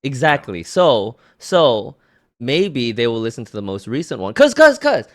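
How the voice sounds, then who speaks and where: A man co-hosting a podcast in casual chat, animated and teasing, often repeating words. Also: mid-range voice, measured pace. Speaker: podcast co-host.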